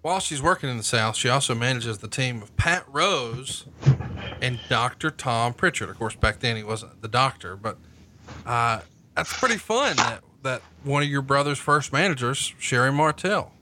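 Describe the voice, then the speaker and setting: A man hosting a podcast in a casual way, brisk and teasing, quick to laugh. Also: mid-range voice, animated, noisy background. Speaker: podcast host.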